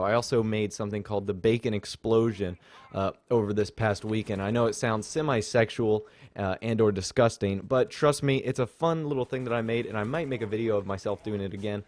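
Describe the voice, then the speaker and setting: Casual young man narrating gameplay, lowish voice. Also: darkish tone, no room sound. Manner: casual, rambling, chatty with fillers. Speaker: gaming channel host. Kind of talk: gameplay commentary.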